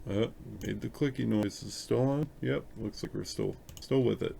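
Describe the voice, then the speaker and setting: Man hosting a casual live stream from home, chatty and self-conscious, gravelly tone with a faint hiss behind. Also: fairly low pitch, moderate pace. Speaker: live stream host editing photos. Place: room at home with an open window.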